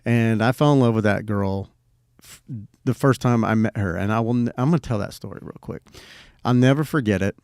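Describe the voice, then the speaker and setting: A man's voice: fairly low pitch, brisk, a little mellow, clean tone, no room sound, studio quality. A middle-aged man co-hosting a podcast, telling a personal story in a laid-back, rambling way and swearing freely. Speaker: podcast co-host. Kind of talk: casual storytelling chat.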